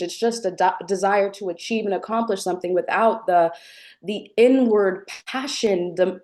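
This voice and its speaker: Gentle, warm-voiced spiritual host woman. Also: medium pitch. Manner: gentle, affectionate, heartfelt. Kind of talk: live-streamed spiritual talk with chat.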